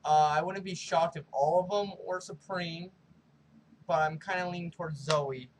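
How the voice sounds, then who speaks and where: A man hosting his own review show, recapping an episode casually and excitedly, peppering his talk with "like" and spoiler warnings. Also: fairly high pitch, normal speed, background noise. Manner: animated storytelling full of "like" and spoiler warnings. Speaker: show host.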